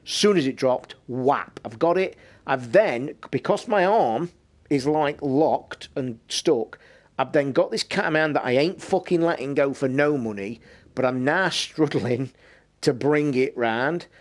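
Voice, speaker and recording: Speaking a little slowly at medium pitch, a man from the United Kingdom hosts a live stream and spins a rambling tale. He's a streamer and podcast host, animated and casual, with swearing in nearly every line.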